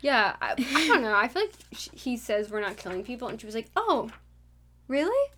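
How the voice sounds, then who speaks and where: A woman's voice: expressive, fast talker, a little hiss or hum. Young woman laughing through book talk. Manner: laughs easily, reads passages in a soft low voice. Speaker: podcast co-host. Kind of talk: casual book-club chat.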